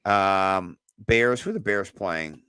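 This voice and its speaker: A man co-hosting a sports podcast, talking excitedly and loosely, with lots of fillers and some swearing. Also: low voice, slow, smooth, dry recording. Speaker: podcast co-host. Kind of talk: casual sports chat.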